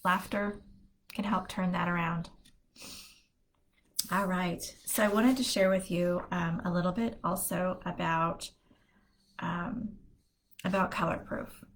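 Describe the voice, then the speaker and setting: A middle-aged woman with a slightly low-pitched voice hosts a casual live stream. She talks in an easy, chatty way and often breaks into laughter as she tells family stories. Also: flat delivery, slow, long pauses. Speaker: host of a positivity live stream.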